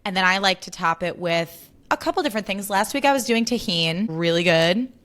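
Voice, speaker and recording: A woman's voice: medium pitch, animated, a little fast, fairly bright tone. Young woman host, bubbly chatty delivery, casual swearing, solo podcast chat.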